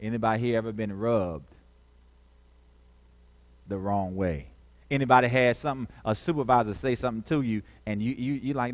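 A man's voice: medium pitch, normal speed, long pauses, in a large hall. A male pastor preaching a sermon, calling out questions to the congregation and repeating key phrases.

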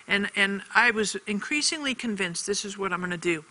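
Woman preacher on tv, bright clear tone, earnest, says things twice for emphasis. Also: mid-range voice, lively intonation, a little fast, low-quality recording. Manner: earnest, repeats phrases for emphasis. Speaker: TV ministry teacher. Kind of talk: televised faith teaching with a personal story.

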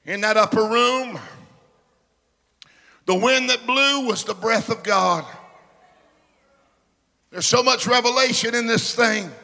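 A man, preaching a sermon, swinging from shouts to hushed asides. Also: very high-pitched, slow, pauses often. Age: 50s. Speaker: pastor. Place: large church sanctuary. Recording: reverberant church hall.

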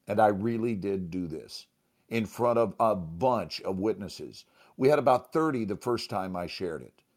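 A man's voice: fairly low pitch, lively intonation, measured pace. A man, an actor and teacher, telling a motivational story as a guest. He speaks emphatically and acts out the dialogue.

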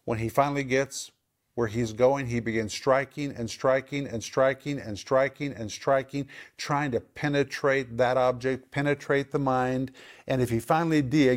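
Guy teaching bible on a program, mid pitch, punchy, repeats stuff over and over for emphasis. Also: fairly even intonation. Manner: emphatic, repeats words for stress, slows on key points.

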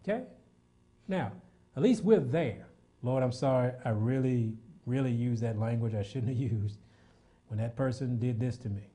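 Fervent preacher, mellow voice. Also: male voice, mid-range voice, moderate pace. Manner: swings from loud fervent preaching to quiet intimate prayer; repeats words when worked up. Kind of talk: sermon.

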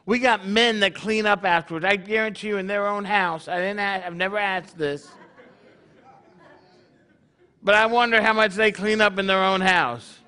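Male congregation leader, high pitched and bright, preaching in a chatty way with frequent "right?" check-ins. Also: steady tone, brisk, few pauses. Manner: conversational, peppered with rhetorical questions. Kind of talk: sermon.

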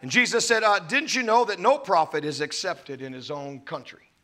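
A man preaching a sermon, with dramatic swings between loud and soft delivery, acting out the scripture quotes as he goes. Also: sits high, normal speed. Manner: laughs between points. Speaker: pastor.

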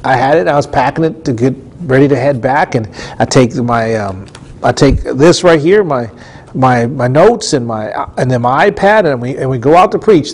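A man's voice: medium pitch, darkish tone. A man preaching in a studio, telling a testimony earnestly and with emphatic repetition. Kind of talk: storytelling sermon testimony.

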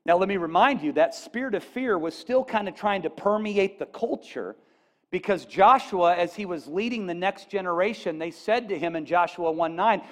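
A pastor preaching to his congregation, his voice pitched high for a man. He swings from quiet, confiding asides to loud, ringing declarations when he quotes Scripture, and checks in with the room as he goes. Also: moderate pace. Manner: animated, rising to near-shouts on quoted lines; folksy asides, addresses audience with "okay?". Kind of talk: sermon.

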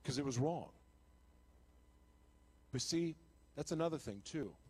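A man giving an emotional, confessional Christian testimony on live television. He speaks earnestly, with restarts and laughs at himself, and grows loud and impassioned. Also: on the high side, lively intonation, unhurried, husky. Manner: grows loud and impassioned when retelling his conversion. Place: television studio.

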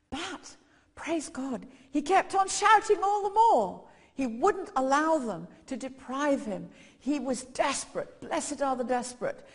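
A woman's voice: high voice, lively intonation, unhurried. A woman preaching a sermon, telling a story and acting out its voices with growing intensity. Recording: long hall reverb.

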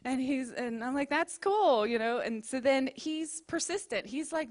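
A woman's voice: high-pitched, animated, normal speed. A woman in her thirties speaking at a church service, telling a story with lots of laughter and leading the offering and prayer.

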